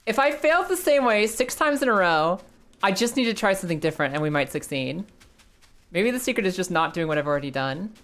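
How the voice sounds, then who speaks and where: Expressive and a little fast, this young streamer's mid-range voice has a bit of brightness. She offers live gameplay commentary, chatting easily with her viewers and cursing occasionally.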